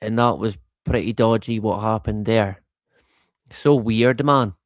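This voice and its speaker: A man's voice: lowish voice, a little slow, no echo, studio quality. A man hosting a livestream in a casual, rambling monologue, laughing often and swearing freely. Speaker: livestream host.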